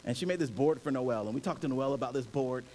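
A man's voice: medium pitch, very fast. A male pastor preaching a conversational sermon, acting out scenes as he goes, in a reverberant hall with faint hiss. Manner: animated and conversational, acts out scenes.

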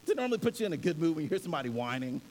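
A man preaches a sermon in a casual, storytelling way, acting out little scenes. His voice sits high and swings widely in pitch. The hall adds a long reverb and a faint hiss. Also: racing. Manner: animated and conversational, acts out scenes. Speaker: pastor.

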